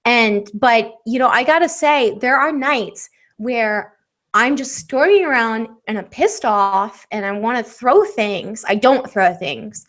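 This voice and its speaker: High-voiced woman chatting candidly. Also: slow, a bit bright. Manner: candid, rambling with frequent ums. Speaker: podcast co-host. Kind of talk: casual chat.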